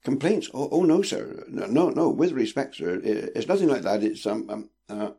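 A man's voice: on the low side, big pitch swings, unhurried, creaky, mellow, slightly rough, full character voice. A man voicing an impatient young girl who stammers and pleads, reading a storybook aloud. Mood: flustered.

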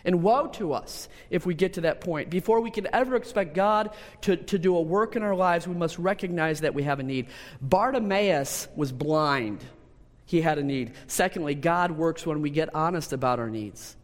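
A man preaching a sermon, telling a personal story with lively repetitions and restarts. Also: a little high, normal speed. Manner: storytelling, animated, with repeated words and restarts. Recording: long hall reverb.

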